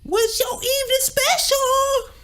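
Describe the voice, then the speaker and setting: A shrill falsetto rock-star wail. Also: male voice, flat delivery, slow, bright, forceful tone, exaggerated voice. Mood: mocking. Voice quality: high strained falsetto wail. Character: shrill falsetto male rock singer, over the top. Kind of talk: mocking impression.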